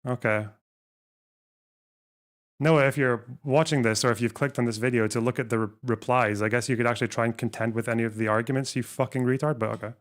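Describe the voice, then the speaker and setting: A man's voice: medium pitch, fairly even intonation, a little fast. Sarcastic, swearing male streamer. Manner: profane, sarcastic, scornful. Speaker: streamer reacting to a video. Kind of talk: live-stream reaction commentary.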